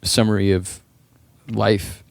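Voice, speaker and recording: A man's voice: fairly low pitch, little pitch movement, slow pace, vocal fry, no room sound. A man co-hosting a podcast, rambling and joking playfully with frequent laughter. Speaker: podcast co-host. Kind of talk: casual chat.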